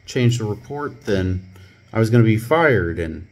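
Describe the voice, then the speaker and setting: A man's voice: fairly low pitch, animated, measured pace. A man voicing a frightened female officer who pleads her innocence. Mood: pleading. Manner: pleading, anxious.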